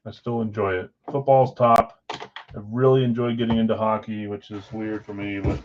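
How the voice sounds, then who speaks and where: A man's voice: fairly low pitch, little pitch movement, moderate pace, highs cut off, a little hiss or hum. A tired, yawning man hosting a live card break stream. He chats casually with viewers and calls out which teams they hold. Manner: chatty, rambling, talks straight to viewers. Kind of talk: casual live-stream chat, calling out team spots.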